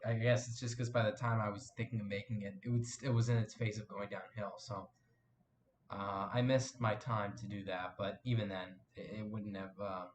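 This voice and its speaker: A man's voice: lowish voice, a little hiss or hum. A young man hosting a live stream from his desk, chatting casually and reading viewer comments, rambling with fillers and self-corrections.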